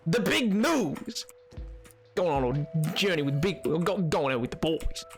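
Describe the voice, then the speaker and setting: A high-pitched man chats casually to his stream viewers, excitable and playful, with frequent exclamations. Faint music plays underneath. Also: moderate pace. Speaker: livestreamer.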